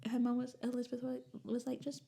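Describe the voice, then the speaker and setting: A woman co-hosting a casual movie review chat, telling stories in an animated way and teasing playfully. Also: mid-range voice, normal speed. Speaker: podcast co-host.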